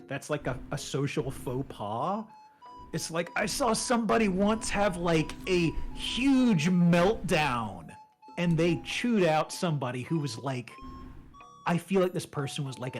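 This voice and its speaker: A man chatting as a guest, telling stories in a rambling, animated way with many restarts. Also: on the high side. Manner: rambling, animated storytelling with laughs. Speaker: guest streamer. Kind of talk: casual chat.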